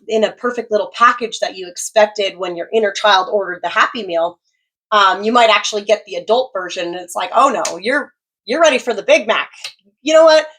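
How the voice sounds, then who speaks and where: A woman's voice: mid-range voice, a bit bright. A woman tarot reader talking casually about manifestation, chatty and giggly, full of "like" and "um", swearing freely.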